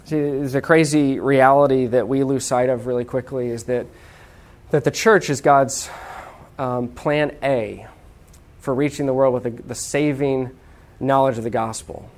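A man's voice: medium pitch, steady tone, measured pace. A man preaching a sermon in a conversational, humorous way, with asides and restarts. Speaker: pastor.

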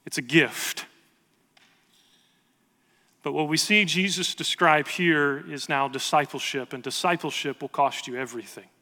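A man in his thirties delivers a sermon with earnest conviction and pressing repetition. His voice sits a little high and sounds bright and clear. The words ring out into a large hall with a long reverb. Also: measured pace, long pauses. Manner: earnest, building to emphatic repetition. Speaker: pastor.

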